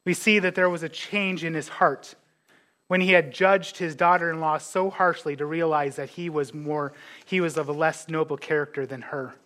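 High-voiced man preaching a lively sermon. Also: normal speed. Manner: animated, acts out biblical characters' words; conversational, restarts and asides. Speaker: pastor.

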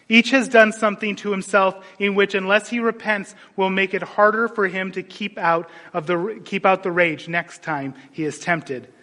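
A man preaching a sermon, animated and storytelling, dropping suddenly into quiet asides. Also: high voice. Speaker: pastor. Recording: long hall reverb.

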